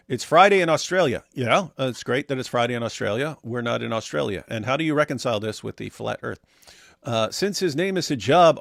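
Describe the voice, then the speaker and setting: A man's voice: mid-range voice, creaky, no echo, studio quality. A man co-hosting a casual livestream, reading viewer messages aloud and answering them with sarcastic, mocking asides. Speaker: livestream co-host reading super chats.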